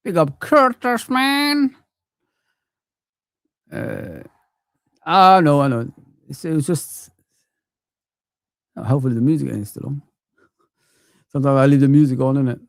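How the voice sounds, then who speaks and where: A man's voice: mid-range voice, expressive, normal speed, gravelly, long pauses, dry recording, clean studio sound. A man in his thirties or forties ranting with passion on a live football watch-along stream, sweary and peppering his talk with "man". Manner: impassioned ranting, sweary, frequent "man" tags.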